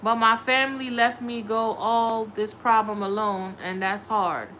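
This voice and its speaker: A woman's voice: on the high side, fairly even intonation, a little slow, bright, forceful tone, slight background noise. A woman giving a blunt, profane, scolding tarot reading on a live stream. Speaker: tarot reader.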